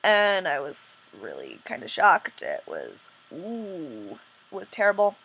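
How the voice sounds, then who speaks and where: A woman's voice: lowish voice, wildly swooping pitch, slow, vocal fry, a bit bright, husky, low-quality recording. A woman vlogger telling a personal story in a casual, rambling way, full of restarts and "um"s, earnest and indignant. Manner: rambling, self-interrupting retelling with frequent "um".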